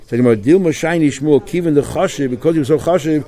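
A man's voice: fairly high pitch, brisk, few pauses, dark tone. A man teaching a Talmud class, reading phrases in the original and then explaining them in English.

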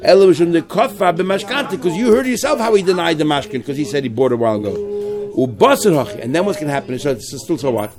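A man leads a Talmud study class at a fast clip. He reads terms and lines in the original and explains them in English, voicing each party in the case as he goes. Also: a little high, expressive, music in the background. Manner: rapid, mixing Hebrew-Aramaic terms with English, quotes lines. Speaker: Talmud teacher.

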